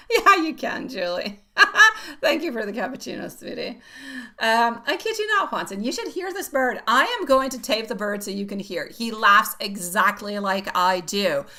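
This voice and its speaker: A woman giving a live tarot reading, chatting warmly with viewers, calling them sweetie and laughing often. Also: fairly high pitch, animated, moderate pace. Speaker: tarot reader.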